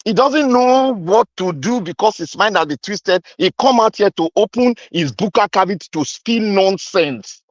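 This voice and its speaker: A man's voice: high-pitched, animated, normal speed, hardly any pauses, dry recording, highs cut off. A Nigerian man delivering an impassioned, accusatory political rant, repeating his points with heat. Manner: fiery, accusatory, repetitive. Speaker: commentator.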